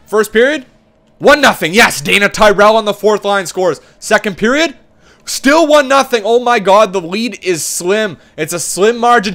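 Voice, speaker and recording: A young man commentating his own video game play-by-play, swinging from hushed tension to loud cheering. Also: high-pitched, lively intonation, normal speed. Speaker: gaming commentator.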